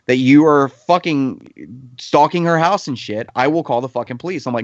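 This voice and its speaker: A man in his thirties with a medium-pitched voice talks briskly as a podcast panelist, telling a heated anecdote in casual chat and swearing freely. The audio is dry, slightly dull, and lo-fi.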